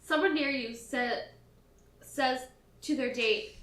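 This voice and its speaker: A woman's voice: sits high, slow, pauses often, a bit bright. A woman co-hosting a podcast, casually reading a murder mystery aloud with blunt, joking asides. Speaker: podcast co-host. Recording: roomy echo.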